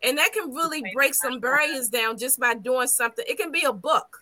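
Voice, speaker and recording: A woman's voice: high voice, brisk, sharp tone. A woman co-hosting a casual talk show, offering encouraging practical advice. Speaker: podcast co-host. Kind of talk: casual chat.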